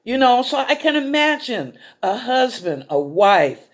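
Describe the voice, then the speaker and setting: Her voice sits on the high side and is very animated, though her pace stays measured. This middle-aged psychic talk show host speaks in a folksy, emotional way, calling viewers y'all while choked up and close to tears.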